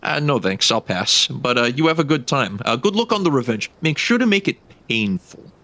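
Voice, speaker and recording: A man's voice: mid-range voice, sing-song, normal speed, pushed and bright, voice pushed up. Man playing a breezy shady rogue. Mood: relaxed.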